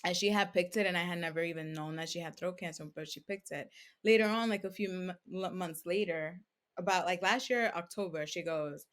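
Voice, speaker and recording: Animated woman telling her story. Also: on the low side, brisk. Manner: animated, acts out quoted speech, many fillers like "like". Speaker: podcast guest, crystal seller. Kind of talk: casual interview storytelling.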